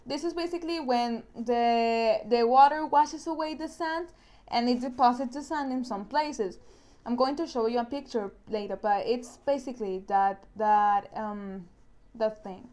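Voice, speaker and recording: A woman's voice: on the high side, unhurried, darkish tone. A woman with a Spanish accent teaching an online science lesson, explaining step by step and often repeating or restarting words. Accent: Spanish-speaking.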